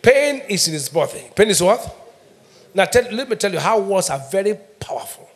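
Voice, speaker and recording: A middle-aged Nigerian man preaching with emphatic call-and-response. His voice sits high for a man. He drives each point home and asks the congregation to answer. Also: sing-song, normal speed. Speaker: pastor. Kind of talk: sermon.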